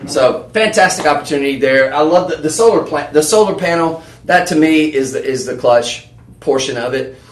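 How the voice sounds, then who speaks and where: A man's voice: fairly high pitch, moderate pace. Man, shopping TV host, chatty, filler-heavy, restarts often, echoey studio. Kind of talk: live on-air sales pitch.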